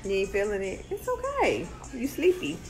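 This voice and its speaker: A woman's voice: medium pitch, wildly swooping pitch, normal speed, a little mellow, faint music behind. A young adult mother chatting in playful sing-song baby talk to her little ones on a phone live stream. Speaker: mother livestreaming with her babies.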